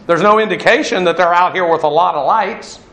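This Bible teacher's voice sits high, with a fairly bright tone and a fairly quick pace. Recorded in an echoey room, he lectures his class on Greek terms and spells each one out letter by letter.

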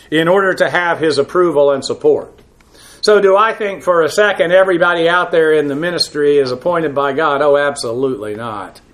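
A man who is a pastor, teaching a verse-by-verse Bible lesson in a halting way, full of uh fillers, with frank, blunt asides. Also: fairly high pitch, a bit bright.

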